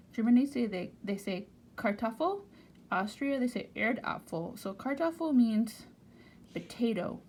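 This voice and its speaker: An American woman from the United States teaches German, reading aloud from a textbook and plainly explaining each word in English. Her voice is fairly high and a little mellow. Faint background noise can be heard.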